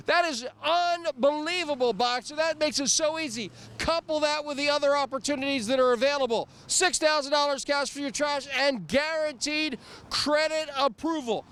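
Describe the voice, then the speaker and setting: A man's voice: very high-pitched, normal speed, a bit bright. A man hosting a TV car ad who eagerly feeds leading questions to a dealer and repeats the key phrases. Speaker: ad host. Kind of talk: infomercial hype interview.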